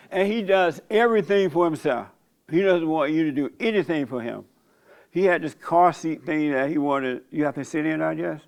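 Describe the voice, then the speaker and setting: A man's voice: on the high side, moderate pace, gravelly, darkish tone. An older man hosting a church discussion, talking in a folksy, joking way and laughing often. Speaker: host leading a church discussion. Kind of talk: casual preaching talk.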